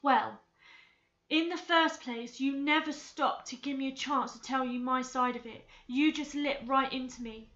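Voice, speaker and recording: Defiant, blunt young girl from a storybook, voiced by a woman, bright and high, muffled recording. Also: fairly even intonation, a little slow. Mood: indignant. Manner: indignant, blunt, drawling.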